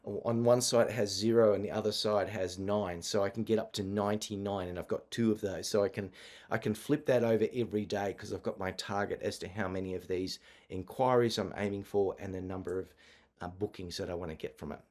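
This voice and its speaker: A man's voice: on the low side, steady tone, fairly quick, darkish tone. A man presenting an online marketing masterclass over a video call, talking conversationally with frequent fillers and restarts.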